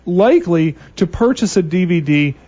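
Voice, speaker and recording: A man's voice: high-pitched, animated, moderate pace, mellow, slightly rough, dull audio. A man co-hosting a casual radio talk show, chatty, laughing often and restarting his sentences. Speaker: co-host.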